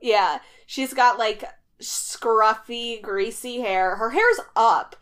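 A woman's voice: a little high, slow pace, a bit bright. A young woman co-hosting a casual recap chat, blunt and chatty with easy laughs. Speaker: podcast co-host.

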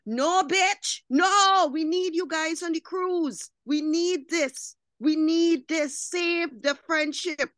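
A woman's voice: very high-pitched, slow, few pauses, fairly bright tone, dry recording. A woman chatting casually as a guest on a gossip podcast over a video call, emphatic and profane. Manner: emphatic, profane, quotes herself pleading.

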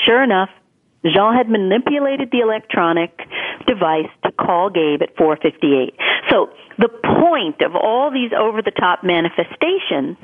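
A woman guest telling an earnest, animated personal story in an interview. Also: mid-range voice. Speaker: guest author. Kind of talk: storytelling interview over the phone. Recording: tinny phone line.

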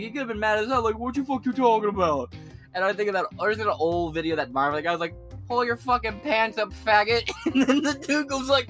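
A man's voice: a little high, pushed and bright. A young man hosting a podcast, telling crude, joking stories full of slang and swearing. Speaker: podcast host. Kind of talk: profane ranting commentary.

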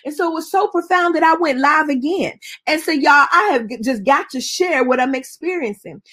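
Expressive woman minister telling her story. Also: high voice, moderate pace. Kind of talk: personal testimony in conversation.

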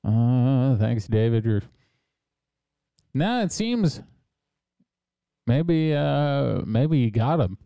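A man's voice: mid-range voice, big pitch swings, very slow, gravelly, pauses often, mellow, no echo. A man co-hosting a podcast, making dry, wry quips in casual comedic commentary. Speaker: podcast co-host.

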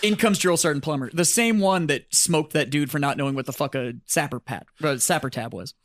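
Podcast host guy telling army stories, cusses a lot, dry close sound, slightly high voice. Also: fairly quick, fairly bright tone, dry recording. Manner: profane, rambling anecdotes. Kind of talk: casual podcast storytelling.

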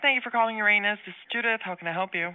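A woman's voice: mid-range voice, rapid-fire, pushed and bright, clear, resonant tone. A woman answering a shop's phone, speaking in a firm and curt way, with dull lo-fi audio. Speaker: shop phone clerk. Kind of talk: customer service call.

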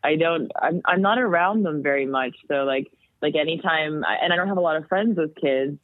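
A woman guest on a podcast, chatting casually and telling stories in an animated way. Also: low voice, fairly quick, no room sound. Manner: animated storytelling. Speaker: guest, metal vocalist. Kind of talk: casual chat. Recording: tinny phone-like sound, dry.

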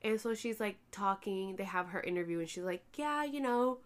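A pregnant, tired woman chatting casually to her viewers as a vlogger, animated and swearing freely. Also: mid-range voice, moderate pace. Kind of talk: casual chat to camera.

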